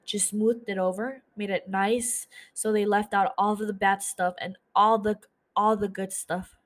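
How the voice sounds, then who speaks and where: A woman's voice: mid-range voice, little pitch movement, a little slow, natural voice. A woman reading as a grieving man remembering his mother.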